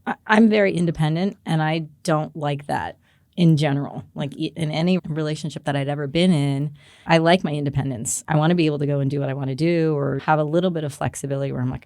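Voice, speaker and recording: Woman in her forties, low voice, dry close mic, animated storyteller voicing others' lines. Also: quick pace, dry recording. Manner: animated, acts out quoted dialogue with laughs. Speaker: podcast guest. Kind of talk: candid personal storytelling.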